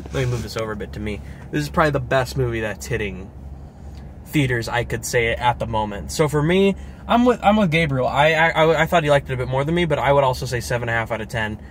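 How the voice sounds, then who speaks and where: A young man reviewing a film in casual chat from his car, excitable and swearing as he acts out scenes. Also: medium pitch, slight background noise. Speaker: movie reviewer. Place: parked car.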